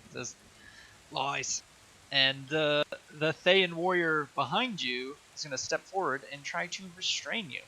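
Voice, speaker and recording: A man narrating as game master of a tabletop game, halting and full of fillers. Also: a little high, sharp tone, a little hiss or hum, rough recording.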